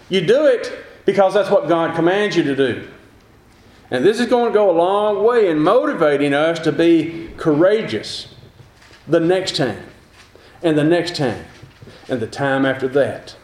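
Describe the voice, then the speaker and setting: A man preaches a sermon in a notably high voice, stacking earnest, repetitive phrases as he drives each point home. The sound carries the echo of a roomy hall. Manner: earnest, repetitive rhetorical build-ups.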